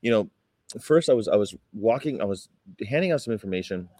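Dark-voiced rambling man, dry close sound. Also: fairly low pitch, lively intonation, brisk, dry recording. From California. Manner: rambling storyteller, acts out confrontations in raised voices. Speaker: vegan activist vlogger. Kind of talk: casual talking-to-camera vlog.

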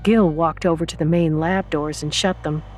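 A woman narrating an audiobook in a calm, steady reading voice. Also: sits low, normal speed, faint music behind.

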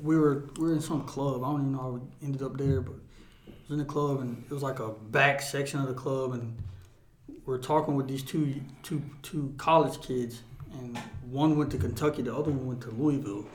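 A man's voice: mid-range voice, fairly quick, slight background noise. A man co-hosting a podcast, telling stories in casual chat with lots of swearing and laughter. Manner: animated storytelling, profane, laughing. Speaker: podcast co-host. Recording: roomy echo.

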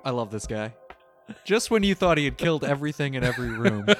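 A man's voice: medium pitch, lively intonation, quick pace, faint music behind. A man playing a tabletop game, chatting casually and amused. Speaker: player.

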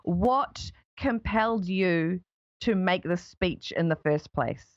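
A woman with a New Zealand accent hosts an interview in a friendly, measured way. Her voice is dry and close with no room around it. The sound is slightly dull. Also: fairly low pitch, lively intonation, no room sound. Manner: friendly, deliberately slowed questions. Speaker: host. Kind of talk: interviewing a guest.

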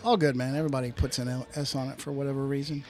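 A man's voice: medium pitch, little pitch movement, racing, a crowd in the background. A professional drummer, a man, talking as a guest in a laid-back, casual way at a music store drummers' event. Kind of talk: casual chat. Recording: live event with music behind. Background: music playing.

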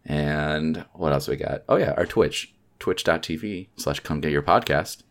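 Very deep-voiced laid-back podcast host man. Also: measured pace. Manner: laid-back, rambling sign-off with fillers. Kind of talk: casual podcast chat.

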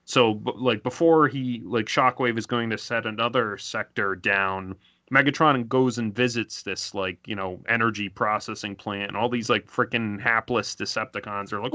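A man's voice: fairly low pitch, fairly even intonation, moderate pace, pushed and bright, dry recording. A man co-hosting a casual fan podcast, recapping the plot in a rambling way full of filler words. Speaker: podcast co-host.

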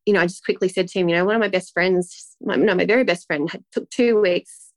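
A woman's voice: fairly low pitch, quick pace, dry recording. A woman, a guest telling a personal story in a rambling, emotional way with many restarts. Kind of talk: casual interview talk.

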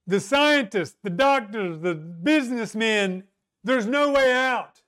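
A man delivers a sermon at an unhurried pace, his voice pitched very high yet smooth and resonant. He leans on rhetorical questions and long pauses, sometimes dropping to a softer, more intimate tone. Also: animated. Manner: slow, emphatic preaching with dramatic pauses and rhetorical questions. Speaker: preacher.

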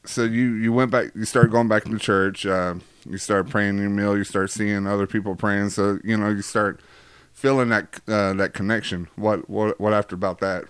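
A low, smooth-voiced man hosting a casual faith chat. He rambles and jokes, packing his talk with fillers, and the sound is dry and close. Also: level tone, moderate pace, no echo. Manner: rambling, jokey, many fillers. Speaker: host.

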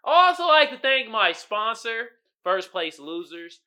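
Lively, bright-voiced male podcast host. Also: high voice, unhurried, clean tone. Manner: animated, joking, talks to the audience as "y'all". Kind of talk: casual solo podcast chat.

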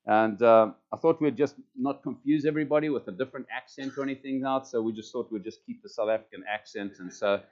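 A man's voice: mid-range voice, quick pace, few pauses, darkish tone, dull audio. A man speaking as a pastor, giving rambling, chatty announcements to his congregation. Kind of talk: church announcements.

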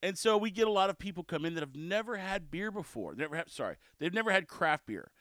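A man hosting a casual solo podcast, chatty and cheeky, telling stories in an animated way. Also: sits high, quick pace, no room sound, studio quality. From South Texas. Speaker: podcast host.

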